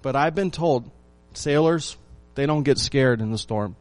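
A male pastor delivering a sermon in an ordinary mid-range voice. He drives his points home with repeated phrases and rhetorical questions to the congregation. His delivery moves between emphatic bursts and quieter, hushed asides. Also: mid-range voice, measured pace, soft background music. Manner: emphatic repetition, swings between loud and hushed.

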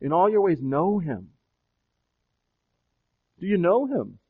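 A pastor preaching a sermon, questioning his listeners again and again, swelling with emphasis and slowing to draw out key phrases. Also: high voice, very animated, slightly rough. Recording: dull lo-fi recording.

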